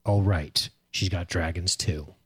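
A man's voice: low voice, fairly even intonation, unhurried, husky. A man co-hosting a casual podcast, reading listener comments and joking with loose, profane banter. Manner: laid-back, swears casually, chuckles. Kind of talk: casual chat.

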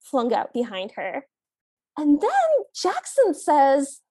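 High, mellow-voiced woman co-host. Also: slow, no room sound, studio quality. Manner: animated retelling, quoting the characters' lines. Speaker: podcast co-host. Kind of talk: casual movie recap chat.

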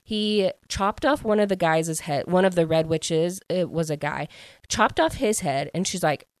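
A woman casually recapping a novel's plot, chatty and animated and full of fillers. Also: on the low side, measured pace, no echo. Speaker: book reviewer.

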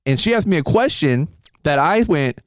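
Animated man telling awkward date stories. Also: a little high, moderate pace, no room sound, clean studio sound. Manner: animated, laughs often, swears freely. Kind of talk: casual chat, storytelling.

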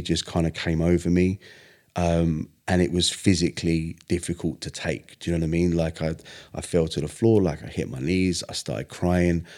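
A young man, a podcast guest, earnestly retelling a personal story in casual interview talk with lively acted-out quotes. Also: deep voice.

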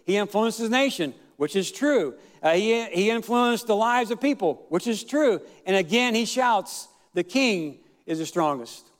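A man preaching a sermon speaks in a high, smooth, resonant voice, with an animated delivery. He stumbles through his story with hesitant fillers, then draws out and shouts key words to drive them home. The long reverb of a large church hall carries his voice.

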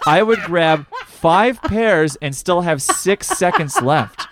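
A man's voice: high-pitched, animated, takes it slowly, few pauses, noisy background. Joking young man hosting a podcast. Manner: joking, rambling storyteller. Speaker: podcast co-host. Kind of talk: casual chat.

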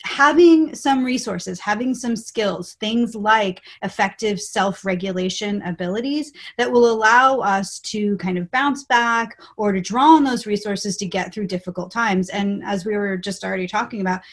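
A woman in her forties, a research guest on a podcast, explaining ideas in an upbeat way and lively when quoting. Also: mid-range voice, moderate pace, hardly any pauses. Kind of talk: podcast interview.

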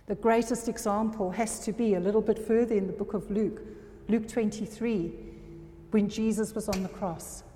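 A woman's voice: medium pitch, warm tone. A woman preaching an earnest sermon to a congregation, often checking that her listeners are still with her. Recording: long reverb of a hall.

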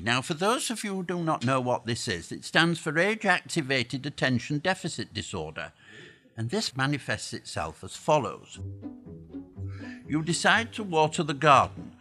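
A man's voice: medium pitch, very animated, normal speed, bright, forceful tone. A man on stage telling a long comic story to a live audience. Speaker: guest.

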